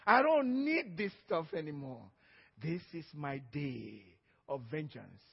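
A man's voice: a little high, lively intonation, slow, creaky, breathy edge, voice pushed down, heavily acted. A man preaching in a church voices a blind beggar who cries out and pleads insistently to be healed. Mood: defiant. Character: blind male beggar crying out desperately. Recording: dull, echoey church hall.

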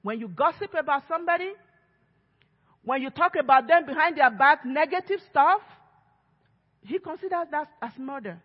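A woman's voice: high-pitched, expressive, normal speed, long pauses. Woman preaching in an echoey hall. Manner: emphatic preaching, acts out quoted voices. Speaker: lead pastor. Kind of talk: sermon. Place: church sanctuary. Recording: echoey church hall, dull lo-fi sound.

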